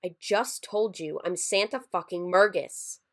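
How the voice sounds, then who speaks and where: A woman voicing a gangly, scaly male Christmas creature who talks in a raspy, brash and impatient way. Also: fairly low pitch, a little slow.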